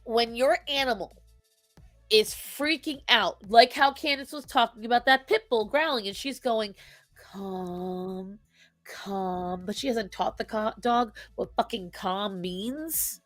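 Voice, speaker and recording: A woman's voice: on the high side, measured pace, a bit bright, no room sound, faint music behind. A woman co-hosting a casual talk show, speaking emphatically and acting out quotes as she makes her points. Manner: emphatic, opinionated, acts out quotes. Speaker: podcast co-host. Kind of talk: casual chat on pet behavior.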